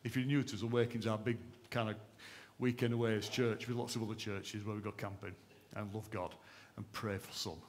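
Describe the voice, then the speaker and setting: A man's voice: lowish voice, steady tone, brisk. A man preaching a sermon in a church service, with impassioned, rhythmic repetition. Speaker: pastor.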